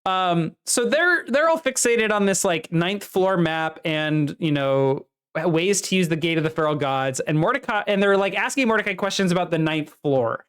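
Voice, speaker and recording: A woman with a slightly low voice co-hosts a casual book podcast. She recaps the plot at length in a lively, chatty way. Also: normal speed, smooth. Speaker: podcast co-host.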